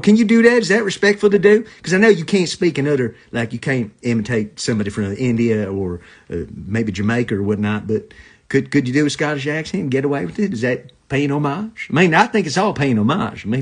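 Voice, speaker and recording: A man's voice: mid-range voice, husky. A man hosting a comedy live stream into a phone camera, rambling from joke to joke and greeting viewers as they join.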